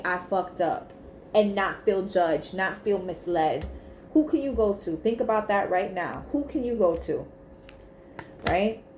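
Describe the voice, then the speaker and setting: A woman gives a casual tarot reading to camera, blunt, emphatic, and swearing freely. Her mid-range voice has a darkish tone, and the echoey room carries faint ambience and slight background noise.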